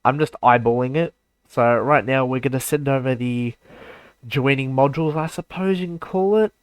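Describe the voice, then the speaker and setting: A man's voice: mid-range voice, normal speed, clear, resonant tone, dry recording. A man giving live commentary over a space game, talking straight to his viewers, by turns muttering and exclaiming in exasperation. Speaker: gaming YouTuber.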